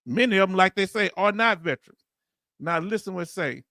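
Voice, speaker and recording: A channel host runs a livestream commentary in a high, bright voice, talking a little fast in casual slang. He's animated and preachy, calling on viewers in his chat. The sound is dry and close, with no room sound.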